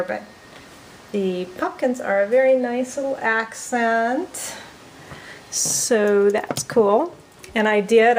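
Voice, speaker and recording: A woman's voice: on the high side, a little hiss or hum, low-quality recording. A middle-aged woman chatting casually to the camera at home, rambling with frequent ums and restarts. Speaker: vlogger. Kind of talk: casual home video chat. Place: her home, indoors.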